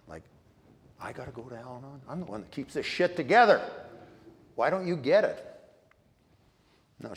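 A man's voice: fairly low pitch, in a large hall. A middle-aged man telling his own story candidly, with wry, self-mocking humor and frequent restarts. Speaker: speaker sharing his recovery story. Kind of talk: personal testimony.

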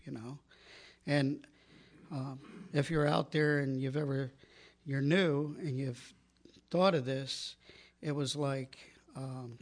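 A man's voice: mid-range voice, steady tone, takes it slowly, long pauses. A man giving a candid, profane personal testimony about his recovery from alcoholism, with many fillers and restarts.

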